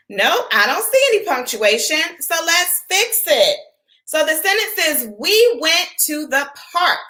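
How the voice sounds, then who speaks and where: A woman's voice: sits high, pushed and bright. A woman teacher giving an online literacy lesson to young children, asking questions and answering them herself in an encouraging way.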